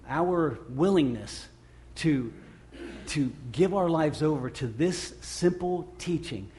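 A middle-aged man preaching a sermon, earnest and halting, with many repeated restarts, who grows louder when he acts out the scripture. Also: on the high side. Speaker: pastor.

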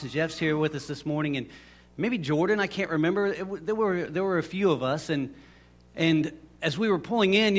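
A man preaching a casual, storytelling sermon, rambling and conversational with many restarts. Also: a little high. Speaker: pastor.

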